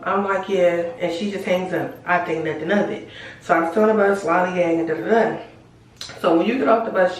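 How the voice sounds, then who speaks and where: A woman telling a storytime to her viewers in a casual, animated, slangy and profane way. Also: fairly low pitch, far from the mic. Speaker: storytime vlogger. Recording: very echoey room, voice away from mic.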